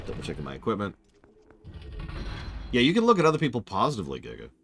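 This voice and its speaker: A man's voice: fairly low pitch, huge pitch swings, fast, pauses often, soft background music. A man streaming live, commenting on a game as he plays and joking with chat in a rambling, self-deprecating way. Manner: talks to chat while playing.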